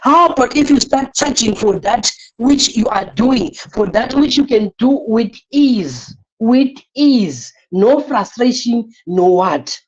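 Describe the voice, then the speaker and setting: A woman's voice: a little high, expressive, slow pace, few pauses, highs cut off. A woman teaching an online class, lecturing with energy, repeating her points and asking the listeners rhetorical questions.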